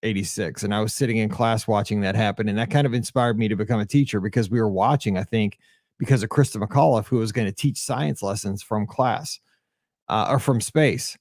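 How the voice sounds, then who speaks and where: A man's voice: fairly low pitch, fairly quick, a little mellow, no echo, studio quality. A man in his forties hosting a solo podcast, chatty and sentimental, rambling through feedback and memories. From Midwest of the US. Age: 40s. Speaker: podcast host.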